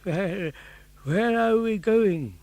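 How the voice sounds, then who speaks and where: A man's voice: high-pitched, expressive, darkish tone, no echo, voice pushed up, heavily acted. An older actor voicing a frail, weary old woodcarver father in an audiobook. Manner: quavering, sad and slow.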